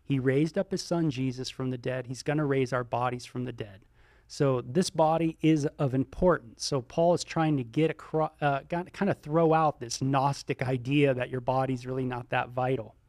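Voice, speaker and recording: A middle-aged male pastor teaching a sermon, animated and conversational, with many ums and exclamations. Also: mid-range voice, normal speed, no echo, clean studio sound. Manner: animated, exclaims and voices imagined listener reactions; many ums and you-knows.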